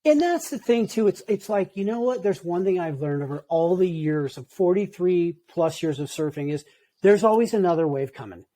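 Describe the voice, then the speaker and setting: A man's voice: high-pitched, moderate pace, dark tone. A man in his fifties, a surf coach, talking in a laid-back, easygoing way on a podcast. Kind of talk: casual podcast chat.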